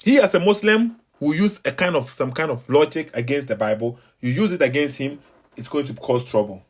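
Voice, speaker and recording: Ghanaian male host, higher register, repetitive, emphatic commentary. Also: expressive, brisk. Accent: Ghanaian English. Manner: preachy, repeats himself, emphatic. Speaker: online debate host. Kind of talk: casual commentary between calls.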